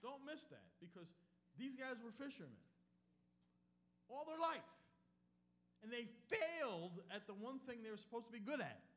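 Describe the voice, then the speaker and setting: Guy preaching, high voice that jumps all over, gets loud then drops quiet, faint hum under it. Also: sing-song, fairly quick. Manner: dramatic, swings from loud to hushed. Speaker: pastor. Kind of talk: sermon with live interpretation.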